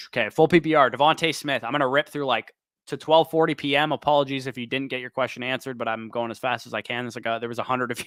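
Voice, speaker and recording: A man hosting a livestream Q&A, quickly reading off player choices and picking one, while he is losing his voice. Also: mid-range voice, a bit bright, smooth, dry recording. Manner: quick, listing names then picking one. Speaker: fantasy football show host. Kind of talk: livestream Q&A, rapid-fire start/sit answers.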